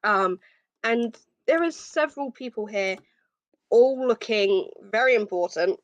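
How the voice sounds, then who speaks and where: A woman narrating a tabletop game as game master, describing scenes with frequent pauses. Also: a little high, dry recording.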